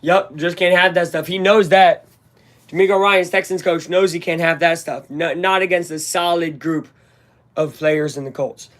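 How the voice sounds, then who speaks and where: At a moderate pace, with fairly even intonation and a slightly high, somewhat bright voice, a man does fan watch-along commentary on a game. He gives loose, rambling play-by-play and openly expresses frustration.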